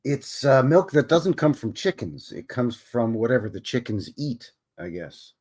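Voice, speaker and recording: With a very animated yet somewhat slow delivery, a Canadian streamer's medium-pitched voice sounds a little mellow and husky. He rambles casually, trades jokes with his chat, and chuckles to himself.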